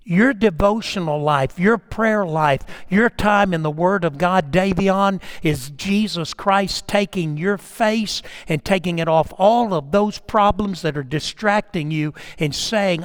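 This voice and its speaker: A middle-aged man preaching a sermon in an animated way, calling on listeners by name and often repeating himself. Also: high-pitched, unhurried, hardly any pauses, clean tone. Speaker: pastor.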